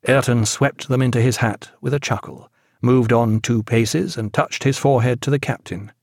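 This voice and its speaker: Gravelly male audiobook narrator. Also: mid-range voice, moderate pace, a little mellow, dry recording, clean studio sound. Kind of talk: scripted narration.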